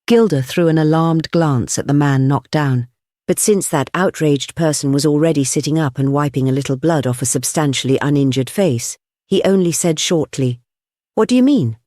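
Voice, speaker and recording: A man narrating an audiobook in a measured, even reading. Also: on the high side, no room sound, clean studio sound. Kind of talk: scripted narration.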